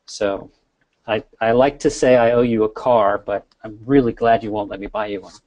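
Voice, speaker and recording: Relaxed joking man telling a story. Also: lowish voice, normal speed, no room sound, lo-fi sound. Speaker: software founder guest. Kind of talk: casual webinar chat.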